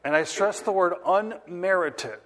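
A man delivers a sermon in a high, light voice at an unhurried pace. He stretches the important words and pauses often to ask whether the listeners are following him. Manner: asks the audience if they are listening. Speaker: pastor.

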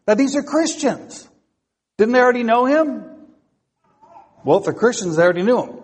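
A man's voice: high voice, moderate pace, long pauses, darkish tone, in a large hall. A man preaching a sermon who often asks rhetorical questions and repeats his phrases.

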